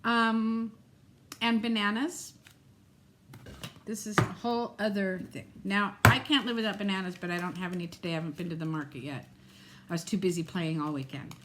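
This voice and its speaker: A middle-aged woman chatting casually in a home vlog, animated and quick to laugh. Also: mid-range voice, very noisy. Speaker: vlogger. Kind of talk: casual chat.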